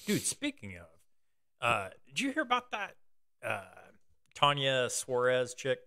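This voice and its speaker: A man's voice: medium pitch, huge pitch swings, unhurried, sharp tone. A young man hosting a podcast in casual chat, rambling through a story with loose, swearing banter. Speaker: podcast host.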